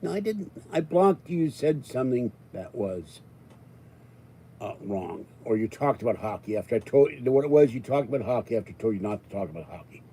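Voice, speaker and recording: Older male livestream host, very dark tone, rambling, exasperated. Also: mid-range voice, brisk, slight background noise, rough recording. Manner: rambling, exasperated, raises voice then calms. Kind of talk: live-stream chat with viewers.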